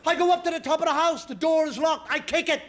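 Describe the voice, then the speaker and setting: A man performing a stand-up comedy monologue, animated and exasperated, sometimes breaking into shouts. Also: extremely high pitch, fast talker, a crowd in the background. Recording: loud audience laughter and noise.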